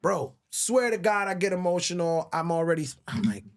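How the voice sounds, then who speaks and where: This middle-aged Virgin Islands man has a high voice, talks a little fast and is very animated. He's a songwriter guest in a relaxed interview, telling stories with candor and emotion, cursing frequently and addressing people as bro.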